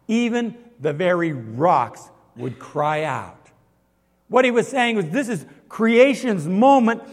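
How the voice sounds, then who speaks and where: Man, pastor, sermon, high voice, swings hushed to loud, asks the congregation, long church reverb. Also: creaky.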